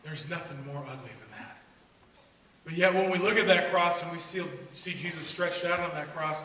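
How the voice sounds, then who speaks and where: A middle-aged man telling a storytelling sermon to a church gathering and acting out family dialogue in a lively way. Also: on the high side, moderate pace. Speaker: speaker at a church youth gathering. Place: church hall. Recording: echoey hall from far off, faint noise.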